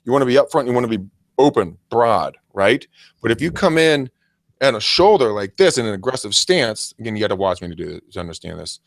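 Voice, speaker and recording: A man co-hosting a casual coaching chat, animated and acting out silly greetings as he talks. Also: medium pitch, fast talker, creaky, dry recording, studio quality. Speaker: podcast co-host.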